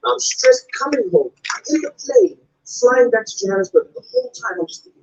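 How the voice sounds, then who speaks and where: Lively South African man, stand-up. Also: fairly quick, vocal fry, highs cut off. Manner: animated storytelling, lively pitch swings. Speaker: stand-up comedian. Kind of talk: stand-up comedy.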